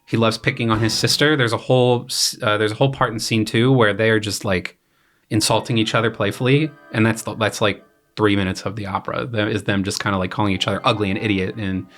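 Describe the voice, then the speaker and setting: Talking fast in a lowish voice over faint background music, this young man, a graduate student composer, casually explains his opera on a podcast. He's relaxed, filling his speech with fillers and paraphrased quotes.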